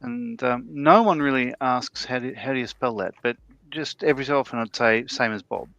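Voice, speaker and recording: A man's voice: mid-range voice, expressive, creaky, fairly bright tone, no room sound, dull audio. A man chatting casually on a livestream, rambling and often restarting his sentences. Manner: rambling, halting, with frequent restarts and laughs. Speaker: livestream co-host. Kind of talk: casual chat while building models.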